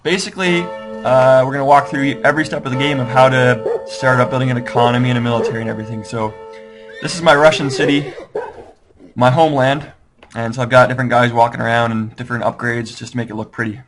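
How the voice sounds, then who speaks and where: Over music, a man talks quickly in a steady, mid-range voice. He's a tutorial host giving a casual strategy game walkthrough, rambling, doubting himself, and self-deprecating throughout.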